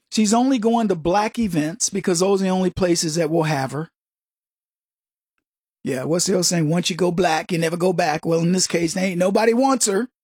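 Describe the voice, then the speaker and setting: A man hosting a talk radio show, telling stories in an animated way and acting out what people said. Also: high-pitched, slightly rough, no echo, studio quality. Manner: animated storytelling, acts out quotes.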